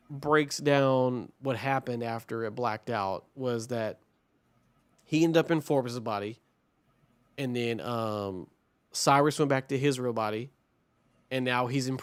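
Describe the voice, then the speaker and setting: A man's voice: mid-range voice, slow pace, pauses often, clean tone, no echo. A man co-hosting a podcast, recapping a movie plot in a rambling, profane way, full of "like" and acted-out quotes. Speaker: podcast co-host.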